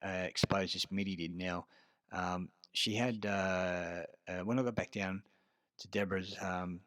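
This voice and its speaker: An Australian man telling a rambling story in a casual monologue, swearing often and pausing on fillers. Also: low-pitched, steady tone, fairly bright tone, no room sound. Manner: rambling and profane, full of filler words. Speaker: vlogger.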